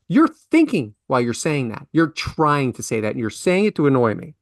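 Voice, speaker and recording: A man hosting a comedy podcast, ranting with exasperated, animated complaints into a studio mic. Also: normal speed, no echo. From half Italian, Philadelphia area. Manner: animated, exasperated complaining with big pitch swings. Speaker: podcast host.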